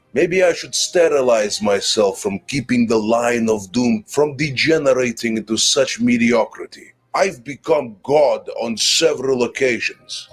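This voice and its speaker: A scornful, arrogant comic-book tyrant, as a man acts him out, hurling insults and grand boasts in a fan-made dub. The voice has a husky, breathy edge at a middle pitch. Faint music plays under the clip.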